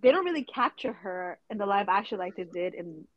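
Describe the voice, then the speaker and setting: A woman with a non-native English accent, a guest in a casual podcast chat, soft-spoken and chatty. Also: mid-range voice, animated, fairly quick, muffled recording.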